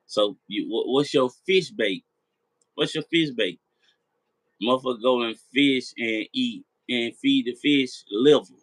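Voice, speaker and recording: A man's voice: mid-range voice, a little slow, dry recording, low-quality recording. A man hosting a late-night live chat, rambling, repeating himself and swearing as he talks straight to his viewers. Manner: rambling, repetitive, profane. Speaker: live stream host.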